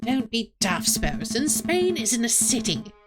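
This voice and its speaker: A woman's voice: a little high, very animated, unhurried, loud music behind the voice. A woman voicing a stern, sensible male bird detective with a dry, commanding manner, reading game dialogue on stream.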